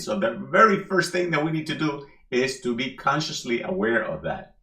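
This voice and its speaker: A middle-aged man giving a sermon as a minister, relaxed and joking, repeating key phrases for emphasis. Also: medium pitch, normal speed, hardly any pauses. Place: church hall. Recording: echoey hall.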